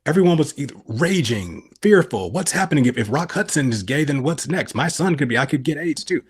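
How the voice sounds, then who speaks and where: Husky middle-aged man, preacherly. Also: fairly high pitch, brisk. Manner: animated, preacherly, asks and answers his own questions. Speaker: podcast guest. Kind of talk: explaining scripture on a podcast.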